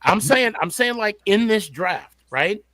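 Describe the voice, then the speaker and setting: Bright-voiced man, halting podcast host. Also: high voice, lively intonation, no room sound. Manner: halting, repeats words while building a point. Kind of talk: casual sports podcast chat.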